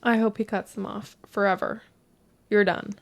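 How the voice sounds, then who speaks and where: Gravelly-voiced female podcast co-host. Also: mid-range voice, flat delivery, normal speed. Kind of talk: reading a post aloud, then casual chat.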